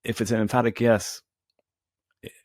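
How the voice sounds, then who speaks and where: A man's voice: mid-range voice, little pitch movement, normal speed, a little mellow, no room sound, studio quality. A man co-hosting a discussion podcast, asking probing follow-up questions. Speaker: podcast co-host. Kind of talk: casual discussion.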